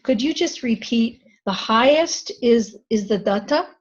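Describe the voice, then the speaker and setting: A woman's voice: fairly high pitch, expressive, unhurried. A woman student politely and hesitantly asking the lecturer to repeat a point. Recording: dull lo-fi audio from across the room.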